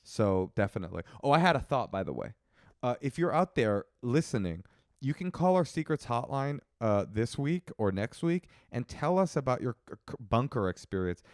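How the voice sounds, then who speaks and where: A man co-hosting a podcast in casual chat, talking in a chatty, jokey way with quick asides. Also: medium pitch, very animated, a little mellow, dry recording, studio quality. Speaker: podcast co-host.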